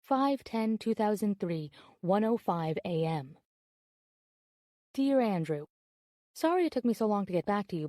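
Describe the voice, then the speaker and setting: A woman's voice: medium pitch, dark tone, no echo, studio quality, close to an everyday voice. An actress playing a bubbly, flirtatious woman writing chatty love emails in an audiobook drama.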